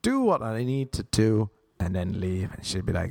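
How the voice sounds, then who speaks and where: Gravelly Irish man, comic rambling. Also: mid-range voice, very animated, normal speed, darkish tone, no room sound. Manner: rambling, self-mocking storytelling with frequent laughs. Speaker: comedian. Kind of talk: comic monologue.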